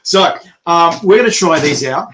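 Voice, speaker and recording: A man's voice: on the high side, lively intonation, moderate pace, a bit bright, soft background music. Jokey Australian man hosting. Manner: jokey, laughs often, chatty. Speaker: host of a hot sauce review show. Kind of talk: casual chat.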